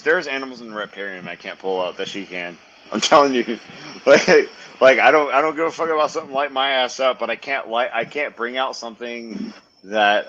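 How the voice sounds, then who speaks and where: A man hosting his podcast in casual chat, excitable, swearing a lot and laughing often. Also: fairly low pitch, dull audio. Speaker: podcast host, reptile keeper.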